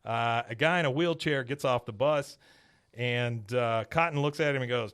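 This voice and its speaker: A man hosting a podcast, recapping a cartoon episode in a casual, animated way and chuckling often. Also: medium pitch, normal speed, smooth. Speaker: podcast host.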